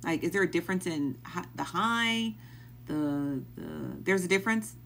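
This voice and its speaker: A woman's voice: on the low side, lively intonation, normal speed, vocal fry, a little hiss or hum. A woman hosting a live stream, chatting casually and asking the same baffled questions again and again while thanking viewers as they join.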